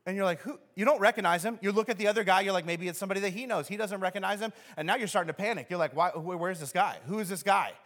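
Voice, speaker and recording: Male pastor, sermon, lively storyteller acting out scenes, long church-hall reverb. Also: high-pitched, rapid-fire, hardly any pauses. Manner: animated storyteller who acts out scenes.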